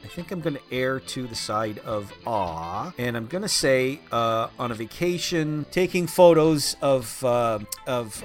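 A man co-hosting a collecting podcast, telling stories in an upbeat, casual way. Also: medium pitch. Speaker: podcast co-host. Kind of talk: casual chat.

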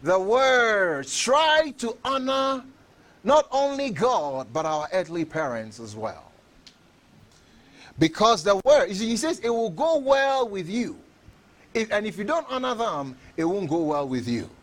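Male preacher with a high voice and a lively, swinging pitch. Emphatic, repetitive, given to shouting. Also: a little slow. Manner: emphatic preaching, repeats phrases, bursts into shouts. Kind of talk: sermon.

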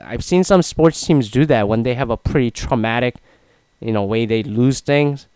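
A man in his twenties talks through an opinionated casual monologue, wandering from point to point with many fillers. His voice is smooth and clear, and the sound is dry with no room echo. He sits at a middling pitch for a man. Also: moderate pace, darkish tone. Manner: rambling, filler-heavy, opinionated. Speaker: sports commentator.

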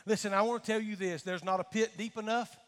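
A man's voice: high-pitched, fairly even intonation, quick pace, fairly bright tone. A male pastor, preaching a sermon with dramatic swells. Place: church sanctuary. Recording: long church hall reverb.

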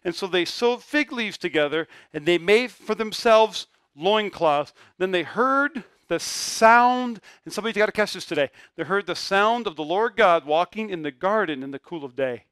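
Dry-voiced preacher man, high and smooth. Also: lively intonation, normal speed, hardly any pauses, no echo. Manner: emphatic preaching, swinging between loud bursts and near-whispers. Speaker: pastor. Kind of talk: sermon.

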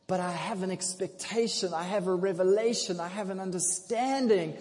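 A man preaching a sermon. He swings from hushed to loud, laughs often, and. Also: high-pitched, normal speed. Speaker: pastor. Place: church hall. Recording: long hall reverb.

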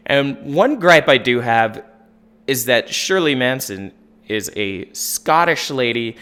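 A man on a podcast panel, chatting casually about an album in a relaxed, rambling way with lots of fillers. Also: medium pitch, smooth. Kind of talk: casual album review chat.

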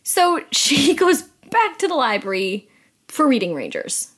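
A young woman co-hosting a podcast, chatting casually through an episode recap, with lots of "like" and a lively, storytelling manner. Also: high-pitched, a little slow. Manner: chatty, animated storytelling with many "like"s. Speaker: podcast co-host.

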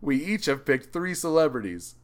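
A young man co-hosting a podcast, chatting casually in a deadpan, rambling way that trails off mid-sentence. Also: fairly high pitch, moderate pace. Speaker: podcast co-host. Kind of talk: casual comedic chat.

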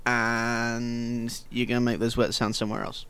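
A man co-hosting a comedy podcast chat in a dry, formal manner. He talks slowly, at a medium pitch. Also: flat delivery, crowd noise. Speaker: podcast co-host, editor-in-chief.

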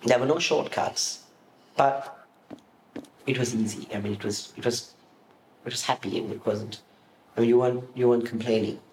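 A man answering interview questions, telling lively stories about his past and acting out the voices of the people in them. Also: mid-range voice, normal speed, long pauses. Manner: animated storyteller, acts out quoted voices. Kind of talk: reminiscing in an interview. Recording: roomy echo with faint room noise.

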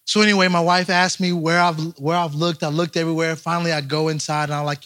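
A young man, a pastor, preaching a lively storytelling sermon straight to his congregation. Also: a little high, fast. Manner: animated, speaks straight to the congregation.

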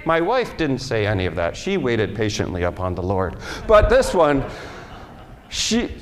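Middle-aged guy preaching, kinda high voice, earnest, lots of repeats, long hall echo. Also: sing-song, measured pace. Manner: earnest, repeats himself, acts out shouted prayers. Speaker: pastor. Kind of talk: sermon.

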